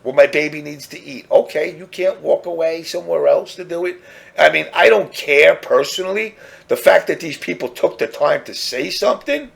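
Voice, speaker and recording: A man's voice: on the high side, vocal fry. A man hosting a casual podcast, ranting crudely and rambling while mocking others in put-on voices. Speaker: podcast host.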